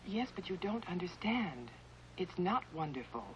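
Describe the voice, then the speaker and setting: A woman's voice: lowish voice, sing-song, moderate pace. An actress playing a troubled woman who pleads for advice. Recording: dull old TV soundtrack, faint hiss.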